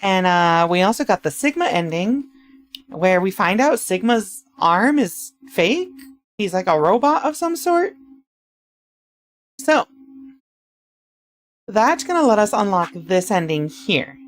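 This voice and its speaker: A woman's voice: mid-range voice, big pitch swings, slow pace, pauses often. A woman streamer chatting casually with her viewers during a live game stream.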